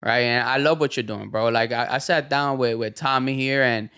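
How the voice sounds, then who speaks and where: A man talking in a relaxed podcast conversation. He flips freely between English and Spanish and keeps dropping slang. His pitch sits in an everyday middle range. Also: normal speed, clear, resonant tone. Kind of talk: casual bilingual chat.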